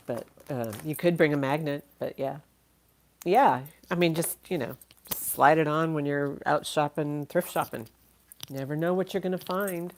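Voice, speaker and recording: A woman's voice: deep voice, a little slow, long pauses, a little mellow, slight background noise. A woman running a casual live-stream auction, chatty and thinking aloud, laughing often and a little tired. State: tired, yawning.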